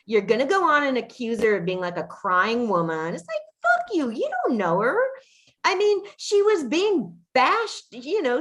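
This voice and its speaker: A woman's voice: fairly high pitch, fairly bright tone. A woman hosting a podcast in casual chat, ranting indignantly with frequent swearing and restarts. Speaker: podcast host.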